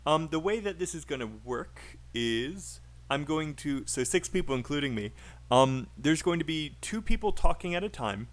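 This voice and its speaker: A man's voice: on the high side, expressive, normal speed. A man teaching a live online English speaking class, patiently coaching a student's pronunciation.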